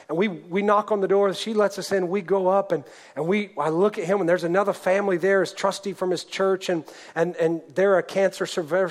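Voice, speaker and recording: A man with a high voice delivers a sermon, recounting a testimony story. He speaks earnestly, dropping to a hush and then rising to a near shout. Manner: earnest, swings from hushed to shouted. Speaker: preacher.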